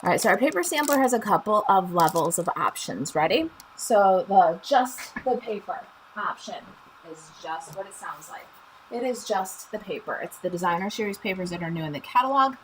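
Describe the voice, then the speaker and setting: A woman's voice: medium pitch, lively intonation, moderate pace, slight background noise, poor audio. Chatty Chicago woman hosting a craft stream. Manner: chatty, upbeat, greets viewers and laughs often. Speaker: stamping craft demonstrator and show host. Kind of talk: live-stream craft demo chat.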